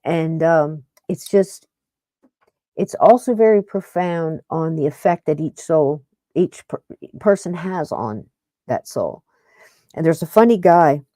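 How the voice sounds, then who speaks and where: Middle-aged woman host, warm low voice, rambling chatty talk, dry close sound. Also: animated, takes it slowly, no room sound. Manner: rambling, chatty, self-interrupting. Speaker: podcast host. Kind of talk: casual paranormal podcast talk.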